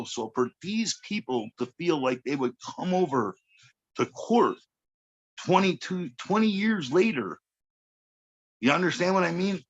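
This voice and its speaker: Gravelly blunt man. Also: mid-range voice, fairly bright tone, lo-fi sound. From Chicago. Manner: blunt, profane, streetwise, checks in with "okay". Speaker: podcast guest. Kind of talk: casual storytelling chat.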